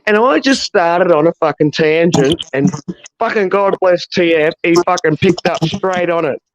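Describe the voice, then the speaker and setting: A man's voice: sits high, normal speed, lo-fi sound. A man, co-hosting a casual chat and telling a rowdy story laced with swearing. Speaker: co-host.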